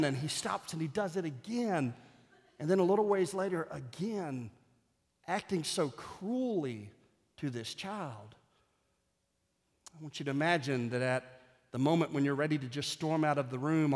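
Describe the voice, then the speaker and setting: A man's voice: fairly high pitch, in a large hall. A male pastor giving a sermon, telling a story in vivid detail and building to an emotional peak.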